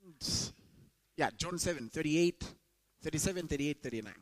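Guy preaching to students, kinda high voice, gets loud and punchy on the bible bits. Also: normal speed, low-quality recording. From Zambia. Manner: emphatic, rises sharply when quoting scripture. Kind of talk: sermon.

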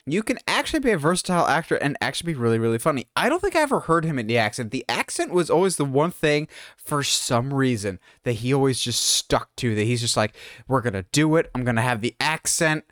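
A man co-hosting a podcast, his pitch swinging widely as he riffs and jokes. He talks in a casual chat, close to the mic in a dry, deadened space. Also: fast, dry recording. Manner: animated, jokey, mimics others in quoted asides. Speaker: podcast co-host.

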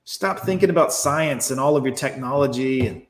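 A man's voice: medium pitch, normal speed, roomy sound. A man hosting a livestream, ranting sarcastically and profanely as he reacts to posts and talks to his chat. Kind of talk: ranting live commentary.

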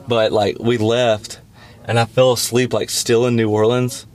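A man's voice: medium pitch, flat delivery, unhurried, darkish tone. Easygoing man with a Southern accent. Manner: easygoing, agreeable, lots of fillers. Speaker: touring musician. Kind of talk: casual chat.

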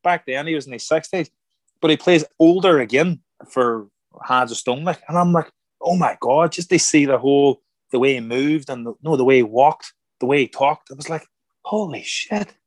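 Man, middle-aged, casual interview guest, animated storyteller, repeats words, dry close sound. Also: mid-range voice, a little fast, no echo. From Ireland. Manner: animated, acts out quoted voices, repeats words. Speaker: guest, former boxer turned actor.

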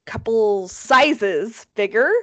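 A woman hosting a casual podcast chat, animated and swearing freely, with lots of fillers. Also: mid-range voice, extremely slow, no room sound. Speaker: podcast host.

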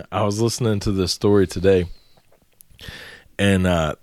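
A man's voice: low-pitched, steady tone, measured pace, a little mellow, no room sound. A young adult man co-hosting a podcast, telling a rambling, profane story with frequent laughter in casual chat. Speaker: podcast co-host.

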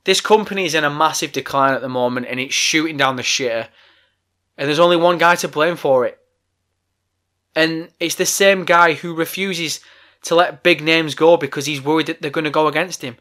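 A man's voice: on the high side, a little fast, bright, forceful tone. A man hosting a podcast, delivering a heated, profane, exasperated rant. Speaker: podcast host. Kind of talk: ranting podcast monologue.

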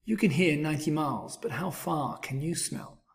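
A man voicing a big, gruff male bear in a storybook read-aloud, grumbling and scornful. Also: a little high, moderate pace.

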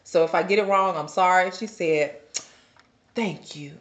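A woman co-hosting a casual chat, an animated, teasing storyteller. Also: fairly low pitch, unhurried. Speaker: co-host. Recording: echoey room.

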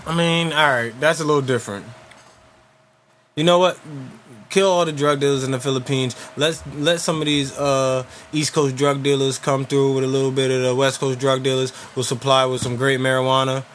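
A man co-hosting a casual podcast, joking loudly, repeating himself and swearing freely. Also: mid-range voice, flat delivery, normal speed, slight background noise. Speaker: podcast co-host. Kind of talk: casual banter.

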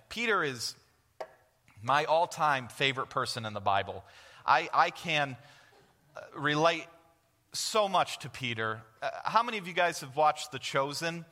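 A man preaching with a bright, forceful voice, earnest and direct, often asking the congregation a question and answering it himself. His words ring out with a long reverb from the church hall around him. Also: fairly high pitch. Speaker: guest preacher. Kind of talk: sermon. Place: church sanctuary.

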